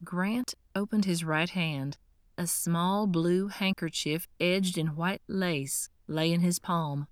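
A woman reading a first-person audiobook in a measured, tense, earnest way, close to the mic. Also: fairly low pitch, fairly even intonation, clear, resonant tone, no room sound. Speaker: audiobook narrator.

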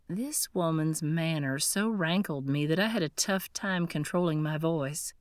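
Woman narrating a mystery audiobook, lowish voice, dry close mic. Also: measured pace, few pauses, dry recording. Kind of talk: scripted first-person narration.

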